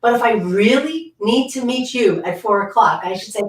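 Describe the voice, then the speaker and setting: A woman's voice: on the high side, moderate pace, a little hiss or hum. Coaching woman on an echoey video call. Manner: demonstrative, coaching tone. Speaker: speech pathologist guest. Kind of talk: conversational interview. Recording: distant and echoey.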